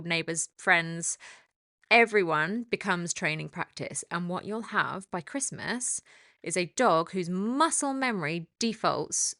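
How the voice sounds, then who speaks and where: A woman dog trainer giving a calm, explanatory talk on training, turning lively when she acts out the dog. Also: lowish voice, no echo, studio quality. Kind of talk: instructional talk.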